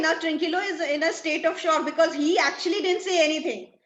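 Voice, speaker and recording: A woman's voice: high-pitched, a little fast, muffled recording. A woman teacher explaining a play line by line, paraphrasing each line and asking and answering her own questions. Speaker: English literature teacher. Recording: echoey room.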